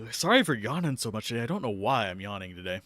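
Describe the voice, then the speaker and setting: This is casual gameplay commentary from a man streaming at his home desk, chatting in a loose, rambling way and cursing occasionally when irritated. He speaks at a moderate pace in an animated, mid-range, fairly bright voice. Earbuds at a PC give a close, dry recording.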